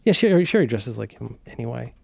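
A man co-hosting a casual podcast chat, talking in an animated, rambling way with many fillers and restarts. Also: mid-range voice, quick pace, gravelly, slightly rough, no room sound. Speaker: podcast co-host.

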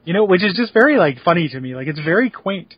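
A man with a somewhat high, husky voice co-hosts a casual podcast chat and slips in wry, deadpan jokes. The recording is dry and close, with slightly dull audio. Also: quick pace, no room sound. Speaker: podcast co-host.

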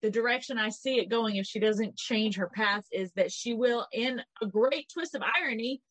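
A woman co-hosting a podcast in casual gossip chat, animated and swearing, acting out quotes in little voices. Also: a little high, moderate pace, no echo, rough recording. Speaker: podcast co-host.

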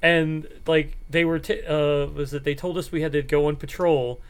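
A man's voice: fairly high pitch, fairly even intonation, normal speed, clear, resonant tone. A man co-hosting a podcast in casual chat, stumbling over words with restarts and laughing often. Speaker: podcast co-host.

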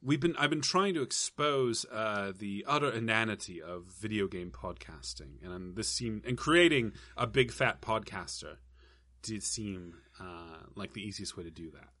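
A man on a comedy podcast keeps his jokes dry and mock-formal, with halting fillers. His tone is bright and forward, and his pitch rises and falls in a lively way. The sound is close and dry. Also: no echo. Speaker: podcast co-host. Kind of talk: deadpan improvised comedy bit.

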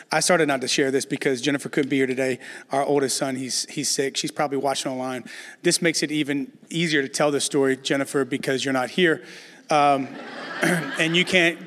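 Middle-aged pastor guy preaching, kinda high voice, funny storyteller, big echoey church hall. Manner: animated storytelling, addresses the congregation with humor. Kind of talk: sermon. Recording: long hall reverb.

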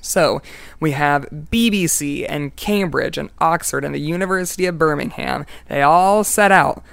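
Playful storytelling podcast host, gravelly, dry close sound. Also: medium pitch, normal speed, fairly bright tone, no echo. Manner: playful, jokey, laughs often. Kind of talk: casual storytelling chat.

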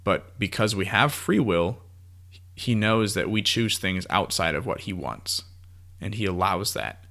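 Low-voiced man explaining faith ideas. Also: expressive, a little slow, gravelly, a bit bright. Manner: explains ideas with frequent "like" and "you know". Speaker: podcast co-host. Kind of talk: casual faith discussion.

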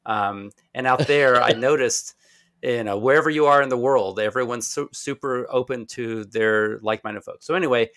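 A man's voice: medium pitch, normal speed, few pauses, fairly bright tone. A man from Louisville with a mostly neutral American accent and a faint Southern trace, a podcast guest who talks animatedly and repeats himself as he thinks aloud. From Louisville, Kentucky. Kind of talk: casual chat.

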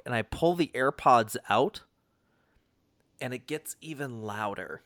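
Casual male storyteller, expressive and profane, pitch leaping around, dry close sound. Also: measured pace, pauses often, dry recording. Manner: animated, swears freely, lots of fillers and restarts. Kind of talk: casual anecdote.

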